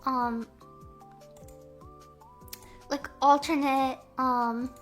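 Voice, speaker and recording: A young woman VTuber chats on a casual livestream in a high, level voice, speaking extremely slowly over faint background music. She rambles in a Valley-girl style, stammering, repeating phrases and filling gaps with fillers.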